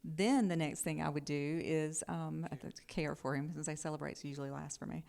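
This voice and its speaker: Fast-talking low-voiced woman. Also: steady tone, creaky, a little mellow. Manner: quick, explaining with acted examples. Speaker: panelist. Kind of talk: casual panel talk.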